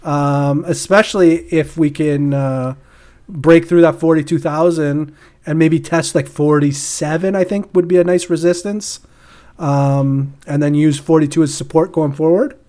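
Male podcast co-host, a bit higher-pitched, loose and rambling, laughs easily. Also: steady tone, a little slow, warm tone. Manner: rambling, laughs often, many fillers and restarts. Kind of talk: casual crypto market chat.

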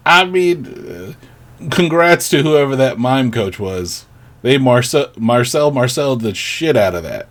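Wry, animated male podcast co-host. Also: medium pitch. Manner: joking, wry, trails off into quick asides. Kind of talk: casual chat.

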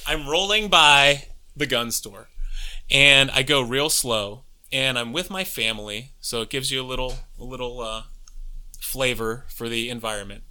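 A man with a Youngstown, Ohio accent, co-hosting a casual chat, heated and profane, telling stories and mimicking himself shouting. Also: mid-range voice, moderate pace, clear, resonant tone. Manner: heated, profane, storytelling with loud put-on shouting.

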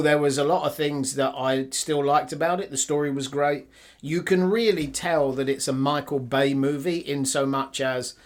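A man in a casual film-review conversation, walking through the plot at length in a mid-range voice. He talks in a relaxed, explanatory way. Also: medium pitch. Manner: explanatory, lays out plot in detail. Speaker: podcast co-host reviewing films.

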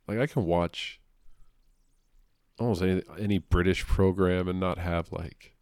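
Low-voiced man chatting casually. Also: fairly even intonation, darkish tone, no echo, studio quality. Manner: rambling, many fillers, breaks into quick impressions. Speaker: podcast co-host. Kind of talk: casual comic book chat.

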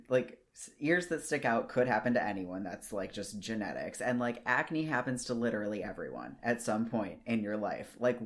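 A person in their thirties co-hosting a podcast on a video call, speaking into their own microphone, slow and thoughtful, drawing words out and getting riled up when annoyed. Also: medium pitch. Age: 30s. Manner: slow and thoughtful, stretches words while thinking, gets riled up. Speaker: podcast co-host. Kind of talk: casual chat.

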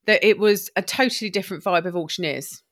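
Bubbly woman guest. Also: mid-range voice. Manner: bubbly, talks in quick bursts. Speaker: guest, upcycling business owner. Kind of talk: chatty podcast interview.

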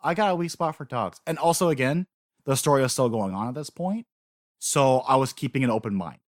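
A man co-hosting a casual podcast, excitedly recapping story events, swearing freely and acting out lines. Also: mid-range voice, brisk, no echo, studio quality. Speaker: podcast co-host. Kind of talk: casual anime recap chat.

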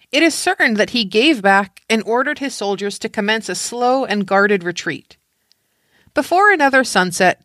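Woman, narrator, calm literary reading, bright tone, dry sound. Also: on the high side, no echo.

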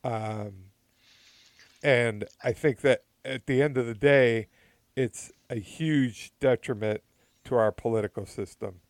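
A man argues back in casual podcast debate, often tripping over his words and restarting. His voice sits at a middle pitch. The recording is close and dry. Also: slow, no room sound. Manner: stammering restarts, pushes back. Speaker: podcast co-host. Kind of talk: political debate chat.

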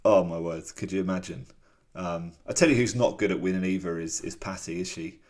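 A man's voice: low-pitched, a little fast, darkish tone. A man co-hosting a podcast, chatting casually and rambling a little with fillers as he walks through comic strips. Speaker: podcast co-host. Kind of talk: casual chat.

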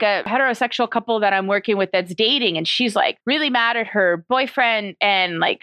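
A woman's voice: mid-range voice, fairly bright tone, no echo. Chatty woman sexologist, dry close sound. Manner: chatty, peppered with "like", laughs easily. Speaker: sexologist guest. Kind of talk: casual interview, explaining.

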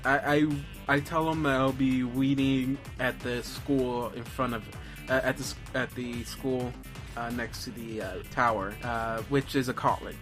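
Tabletop rpg player dude, average voice, lots of uhs, music pretty loud in the back. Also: male voice, medium pitch. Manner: hesitant, many uhs and restarts. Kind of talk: casual tabletop role-play.

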